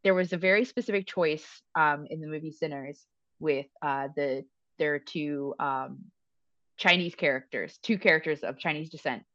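A woman who teaches and runs tabletop campaigns, chatting casually and thinking aloud in a halting way. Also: sits low, a bit bright, no echo, muffled recording. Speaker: teacher and game master. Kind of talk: casual podcast chat.

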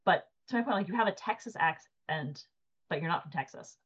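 Emphatic woman with a husky voice. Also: sits low, a little fast, muffled recording. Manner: emphatic, animated, says 'like' often. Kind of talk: casual panel chat.

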